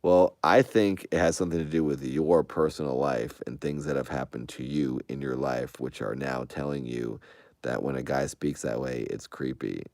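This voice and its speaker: A man with an extremely low voice and a gravelly rasp talks casually to his online viewers. He answers their comments one by one, rambling defensively and often restarting his sentences. The recording is dry and close, with no room sound. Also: fairly even intonation, moderate pace, a little mellow, dry recording. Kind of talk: casual chat to an online audience.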